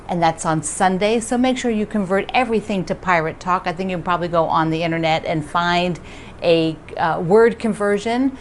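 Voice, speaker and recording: A woman's voice: on the low side, slight background noise. A woman who hosts a quilting vlog and teaches quilting, chatting casually and cheerfully to the camera from her home, often laughing. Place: home living room.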